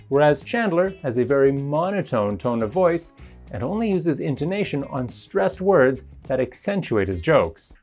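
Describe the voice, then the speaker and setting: A teacher talks through a pronunciation lesson in a scripted, explanatory narration. The pitch moves a lot from phrase to phrase while the delivery stays measured and even. Faint music plays underneath. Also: husky. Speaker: English teacher.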